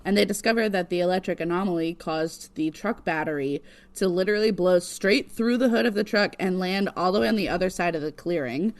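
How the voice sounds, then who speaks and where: A woman co-hosting a podcast, recapping casually in an animated way that keeps breaking into laughter and acting out characters' lines. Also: on the low side, a little fast. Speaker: podcast co-host.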